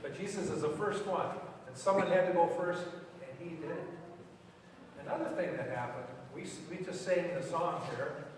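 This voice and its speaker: A man's voice: on the high side, moderate pace. A man preaching in a church, talking plainly with the children and asking them questions before his sermon. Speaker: pastor. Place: church sanctuary. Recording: echoey church from far off, faint hiss.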